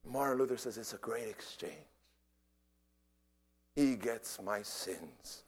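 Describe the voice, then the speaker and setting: Telling a story during a sermon, a preacher swings widely from shouts to near whispers and often repeats his opening words. His voice sits high and has a slow, sing-song quality.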